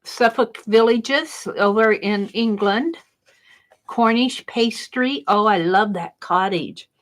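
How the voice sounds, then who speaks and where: Slow-talking woman gushing over mail. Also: medium pitch. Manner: greets chat viewers warmly. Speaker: crafting live-stream host. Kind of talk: casual live-stream chat.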